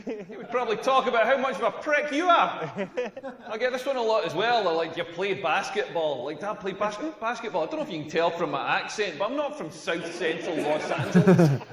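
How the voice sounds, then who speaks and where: A sardonic Scottish stand-up comic. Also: male voice, sits high, lively intonation, a little fast. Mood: deadpan jokes. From Scotland. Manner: sardonic, punchy delivery. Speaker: stand-up comedian. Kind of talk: stand-up comedy set. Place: comedy club stage. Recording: echoey hall with long reverb.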